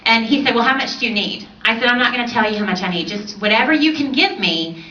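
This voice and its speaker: A woman in her forties giving an animated personal testimony on a stage, laughing often as she tells her story. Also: fairly high pitch, fast, a little hiss or hum. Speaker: speaker on stage. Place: large event hall on stage. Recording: roomy distant hall audio, dull.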